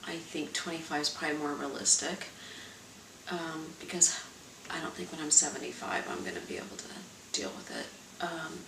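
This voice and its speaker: A woman in her forties, a mother, speaking frankly and with quiet resignation in an interview. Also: sits low, fairly quick, vocal fry. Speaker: mother of two sons with special needs. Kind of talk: candid interview talk. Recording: roomy sound from a distant mic, faint noise.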